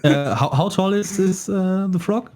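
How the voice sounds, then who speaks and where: A man narrating a tabletop game as dungeon master, lively and often laughing. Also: high voice, measured pace.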